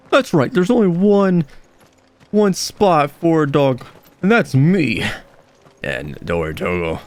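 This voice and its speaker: A young man giving casual, excitable gameplay commentary, laughing often and exclaiming at the game. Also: on the high side. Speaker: let's play gamer.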